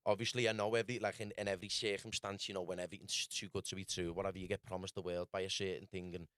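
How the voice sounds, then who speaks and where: A man with a Scouse accent telling his story rapidly in casual podcast chat, peppered with lad and bro. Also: deep voice, level tone, a bit bright, smooth, no echo, studio quality. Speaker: podcast guest.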